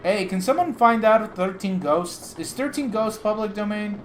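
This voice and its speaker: A man's voice: sits high, lively intonation, moderate pace, slight background noise. A man hosting a livestream, chatting casually, joking and swearing as he thinks aloud. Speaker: livestream host.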